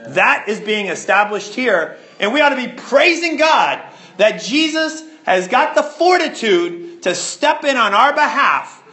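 A man preaching with a high, lively voice that swings up and down in pitch. His tone is bright and ringing, and he stresses points by repeating words. The sound carries a roomy echo. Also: measured pace. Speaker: pastor. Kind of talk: sermon.

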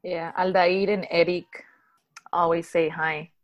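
A woman middle school teacher chatting casually on a podcast, telling lively stories. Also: fairly low pitch, a little slow, muffled recording. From Southern California. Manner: animated storytelling with acted quotes. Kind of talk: casual chat.

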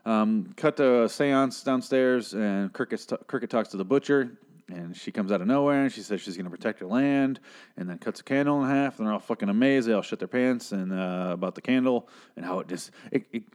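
A man's voice: medium pitch, a little mellow. A man giving a casual, rambling episode recap, profane and opinionated, swearing freely. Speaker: TV show recapper.

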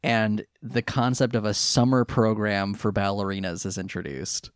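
A man's voice: lowish voice, normal speed, dry recording, clean studio sound. A man co-hosting a casual podcast, recapping a movie plot with jokes. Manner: animated, jokey, recapping plot. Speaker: podcast co-host.

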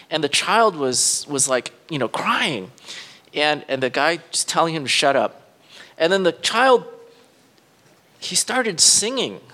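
Male pastor, fairly high bright voice, loose conversational sermon that builds up in the dramatic parts. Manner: informal, thinks aloud and corrects himself mid-sentence; rises in pitch and volume when retelling dramatic scenes.

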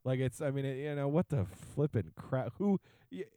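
A man's voice: medium pitch, animated, moderate pace, dark tone, no echo. A man co-hosting a podcast, ranting casually and slipping into mock voices. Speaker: podcast co-host. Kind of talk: casual chat.

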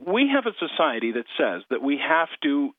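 A male astrologer and co-host who talks in a chatty, explanatory way. His voice sits a little high and swoops up and down with lively pitch. It comes through a tinny, phone-like line. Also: moderate pace, no room sound, faint music behind. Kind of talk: call-in radio chat.

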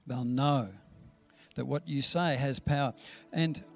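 A man's voice: medium pitch, fairly even intonation, slow pace, vocal fry, no echo, soft background music. A man preaching a sermon in a conversational, storytelling way, acting out the dialogue he quotes. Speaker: pastor.

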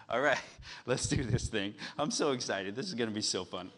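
A man preaching a sermon, reading scripture loudly and then dropping to a soft, confiding tone. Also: mid-range voice, normal speed. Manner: animated, swings from loud reading to soft confiding. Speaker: pastor. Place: outdoor patio church service.

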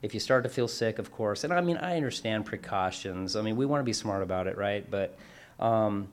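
Rambling, animated man in casual chat. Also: fairly low pitch, a little fast. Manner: rambling, animated storytelling with acted quotes and self-corrections. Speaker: workplace class instructor.

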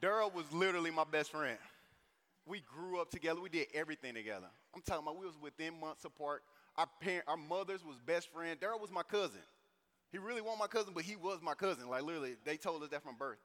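A man in his thirties from St. Louis giving a personal testimony at a conference, telling the story in a casual, animated way with lots of slang asides. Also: on the high side, quick pace. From St. Louis, USA. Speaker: conference speaker. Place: conference hall. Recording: echoey hall reverb.

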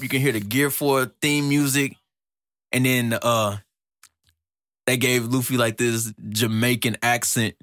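A man hosting a podcast in an excited casual monologue, slangy and animated, laughing often and jumping up in pitch when hyped, on a close mic in a small studio. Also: unhurried, dry recording. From United States. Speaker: podcast host.

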